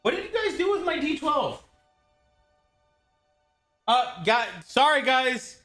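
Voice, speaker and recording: An excitable streamer chatting live with viewers. The voice is bright and sharp and swings widely in pitch, with frequent swearing and laughs. Soft music plays underneath. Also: slow pace.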